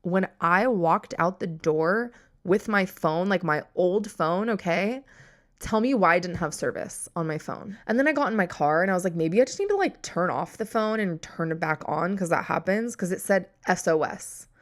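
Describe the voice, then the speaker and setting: A woman's voice: on the low side, expressive, normal speed. A young woman hosting a podcast, telling a story in casual chat, exasperated and sarcastic, swearing freely and acting out both sides of the conversation. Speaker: podcast host.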